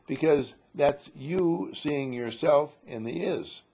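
A man giving an unhurried, reflective spiritual talk as a teacher, posing rhetorical questions to his listeners. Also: on the high side, dark tone, husky.

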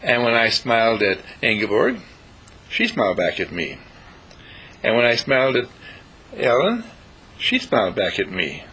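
Raspy gravelly guy telling a gentle story, halting, lots of ups and downs. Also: mid-range voice, wildly swooping pitch, low-quality recording. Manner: gentle, halting, with restarts and fillers. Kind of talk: recited poem and spoken story.

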